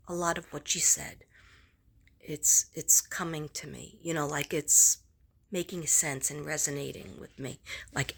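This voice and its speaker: A woman's voice: fairly low pitch, fairly bright tone. A woman vlogger and psychic reader chatting casually to the camera, rambling with many restarts and asides, sometimes dropping to a near whisper.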